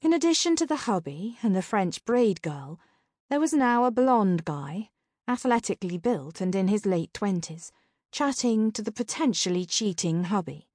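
A woman's voice: mid-range voice, expressive, moderate pace, darkish tone, dry recording. Woman narrating a novel, dry close voice. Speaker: audiobook narrator. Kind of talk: first-person novel narration.

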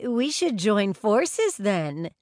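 A woman's voice: lively intonation, slow, dry recording. Lady doing a perky new blonde, squealy and flirty, dry close mic. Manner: high, giggly, flirty. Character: flirty single New Yorker woman.

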